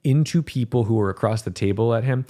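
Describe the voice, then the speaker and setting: A man's voice: medium pitch, fast, dark tone. A man hosting a podcast, chatting casually and animatedly, with emphatic repetition and some swearing. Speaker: podcast host. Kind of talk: casual chat.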